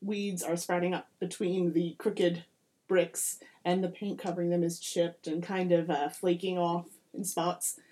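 A mellow-voiced woman narrating a tabletop game. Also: on the low side, flat delivery, measured pace, rough recording. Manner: rambling, jokey, many restarts. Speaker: game master.

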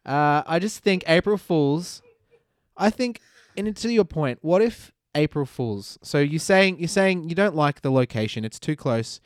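An Australian man argues a joke point on a comedy podcast with mock-formal, deadpan seriousness. His voice is smooth and a touch high. The recording is close and dry. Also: unhurried, no room sound. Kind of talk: casual comedic debate.

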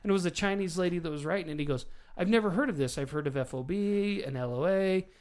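A man in his forties, a father hosting a casual family chat, telling animated stories and laughing often as he goes. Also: high-pitched, fast talker. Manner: animated storyteller, laughs often, does voices for quoted people. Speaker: father, podcast host.

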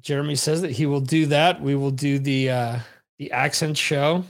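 A man's voice: a little high, fairly even intonation, moderate pace, creaky. A man hosting a podcast, chatting casually and reading viewer comments aloud. He rambles and jokes, often stopping to correct himself. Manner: rambling, joking, frequent self-corrections. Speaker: podcast host.

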